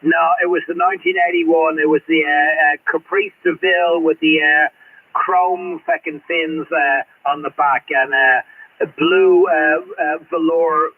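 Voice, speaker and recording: A man on CB radio, talking slowly with many halting fillers and crude jokes. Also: fairly high pitch, fairly even intonation. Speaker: CB radio operator. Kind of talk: crude banter over radio. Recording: tinny radio transmission.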